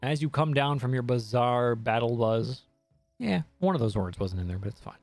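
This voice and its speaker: A man's voice: medium pitch, moderate pace, no echo, soft background music. A man streaming a dating game, reading the text aloud with jokey, swearing commentary. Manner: animated, jokey, swears freely.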